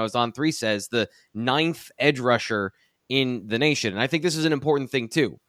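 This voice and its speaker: A man in a casual sports talk show segment analyzes a college football recruit at length. His voice sits at an ordinary pitch and is recorded close and dry, with no room sound. He talks in a loose, thinking-aloud way, with restarts and the odd dry bit of sarcasm. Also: a bit bright, dry recording.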